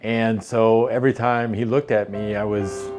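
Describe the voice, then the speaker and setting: A man's voice: fairly low pitch, level tone, moderate pace. A man and former Air Force pilot recalling an old friend in a wry, reflective way. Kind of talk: interview recollection. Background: guitar music.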